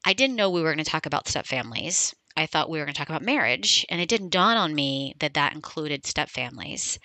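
A woman's voice: sits low, animated, brisk, sharp tone, dry recording, rough recording. A woman hosting a podcast, talking candidly and personally about her own experience, with frequent ums. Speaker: podcast host. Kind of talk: reflective podcast intro monologue.

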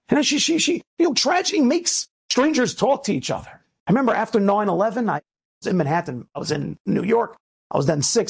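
A man from the United States, a rabbi, giving an inspirational talk that moves between lively storytelling and emphatic preaching. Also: vocal fry, breathy edge. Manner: animated storyteller, swings between low asides and emphatic preaching.

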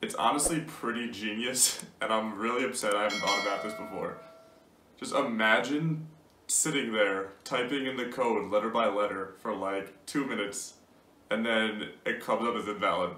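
A man's voice: lowish voice, normal speed, bright, forceful tone, a little hiss or hum. A young man giving casual gaming commentary, amused and incredulous, laughing often as he reacts. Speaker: gaming YouTuber. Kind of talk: casual commentary reading out messages. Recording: roomy sound from a distant mic.

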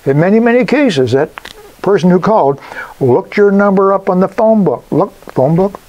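An older man giving casual business advice on phone manners, emphatic and folksy, with lively jumps in pitch. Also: normal speed, lo-fi sound. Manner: animated, emphatic, folksy asides. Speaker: business coach.

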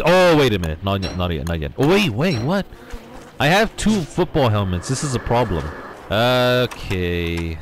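A man giving casual, excitable let's-play commentary, talking to his viewers with frequent exclamations. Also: mid-range voice, a little hiss or hum. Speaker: gaming YouTuber.

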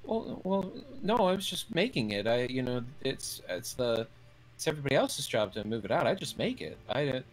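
A man's voice: mid-range voice, sing-song, moderate pace, pitched above the performer's own voice, natural voice, poor audio. A man voicing a fretful rabbit-folk woman cook, stammering and defensive. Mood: flustered.

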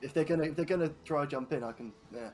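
A man taking part as a player in a tabletop game, talking casually with halting restarts. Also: fairly high pitch, music in the background.

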